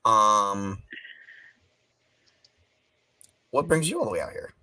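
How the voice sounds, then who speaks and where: A shy young nun who stumbles over every other word and confides her worries in a halting, nervous way, as a man puts her on. She sounds anxious and hesitant, and the recording is dry with no room sound. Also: fairly low pitch, sing-song, pushed and bright, no echo, pitched below the performer's own voice, exaggerated voice. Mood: timid. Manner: stammering, hesitant, confessional. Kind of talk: tabletop role-play, in character.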